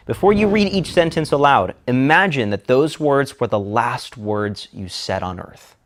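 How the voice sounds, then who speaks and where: A man teaching public speaking in a scripted lecture, with measured, deliberate delivery. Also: mid-range voice, expressive. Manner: measured, deliberate delivery with slow emphatic phrases.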